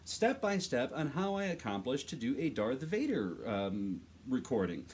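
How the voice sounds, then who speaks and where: A voice actor in casual, chatty tutorial talk, rambling with many fillers, recorded into a condenser mic in a small home studio. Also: male voice, medium pitch, big pitch swings, unhurried, a little mellow, a little hiss or hum.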